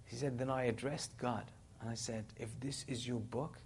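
A man delivers a sermon in an ordinary mid-range voice, retelling a story and acting out the people in it with dramatic emphasis. A faint low rumble sits under the recording. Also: normal speed. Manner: animated retelling, quoting others in a dramatic voice. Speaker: Islamic preacher.

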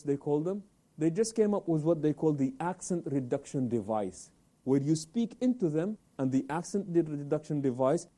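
A man hosts a religious talk program, his voice fairly high in pitch yet very dark and mellow in tone. He talks animatedly, asks questions and answers them himself. Arabic religious phrases come up now and then. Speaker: host of Islamic talk program.

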